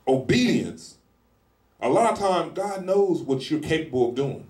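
A man preaching a sermon in a casual, animated style, acting out little scenes as he goes. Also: on the high side, unhurried, echoey room. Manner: animated, acts out scenes in lively voices; speaks in informal colloquial style. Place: church hall.

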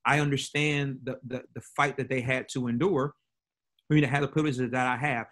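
A man's voice: medium pitch, steady tone, a little fast, a bit bright. A middle-aged man, a pastor, telling a personal story to a church audience in an earnest way that often repeats and restarts words.

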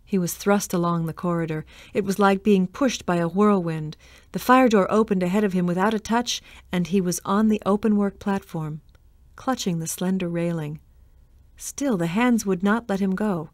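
A woman reading a storybook aloud in a measured, expressive way. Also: on the low side, dry recording. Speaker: reader. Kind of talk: storybook narration.

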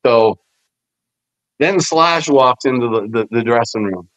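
A man's voice: fairly low pitch, normal speed, no echo. A man, a former wrestler, telling backstage stories in a casual interview, acting out quoted voices with plenty of swearing. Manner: animated storyteller, acts out quoted voices with profanity. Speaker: podcast guest, former wrestler. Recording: dull, lo-fi podcast audio.

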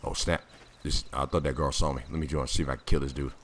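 A man giving casual gameplay commentary, jumpy and prone to sudden loud exclamations, with a slightly raspy voice. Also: very deep voice, steady tone, quick pace, slight background noise. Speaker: gamer.

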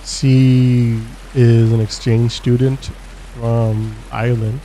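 A man's voice: medium pitch, level tone, takes it slowly, mellow, slight background noise. A young man co-hosting a gameplay video, chatting casually and throwing in dry, crude one-liners. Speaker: let's play co-host. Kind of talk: casual gaming chat.

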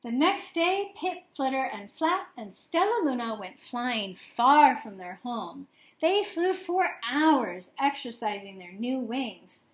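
A woman with a high voice reads a picture book aloud at an unhurried pace, stopping now and then to ask the children questions. The recording has an echoey room sound. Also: expressive. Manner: gentle, asks the listener questions.

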